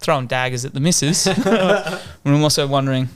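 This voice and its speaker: A man's voice: a little high, fairly quick. A man in his thirties, a father and teacher, telling family stories on a casual podcast and laughing often. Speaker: podcast co-host. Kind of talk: casual chat.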